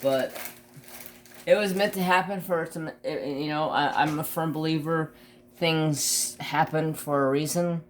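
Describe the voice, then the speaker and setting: A man's voice: on the high side, steady tone, a little slow, slight background noise. A man hosting a crafting channel, telling a long personal story in casual chat, swearing freely and restarting his sentences.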